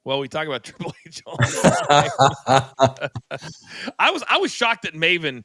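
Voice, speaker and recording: Man, podcast host, bright tense tone, dry close sound, laid-back. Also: fairly high pitch, big pitch swings, unhurried, no room sound. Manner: laid-back, easy laugh, moves the talk along. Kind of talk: conversational podcast hosting.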